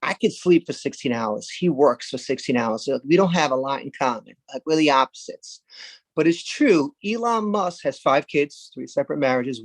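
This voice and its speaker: A man from Brooklyn, doing a rambling, deadpan stand-up set. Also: fairly high pitch, no echo. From Brooklyn, New York. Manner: rambling, deadpan, with sudden loud jumps into put-on voices. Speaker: stand-up comedian.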